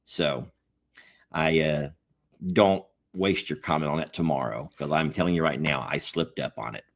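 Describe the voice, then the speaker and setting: A man's voice: rumbling low, normal speed, vocal fry. A man co-hosting a casual chat, joking and acting out quoted texts in a raised voice. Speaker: co-host.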